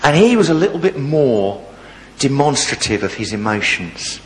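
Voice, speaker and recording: Jovial vicar in a reverberant church. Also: male voice, medium pitch, moderate pace, a little hiss or hum. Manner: jovial, animated storyteller. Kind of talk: sermon with storytelling.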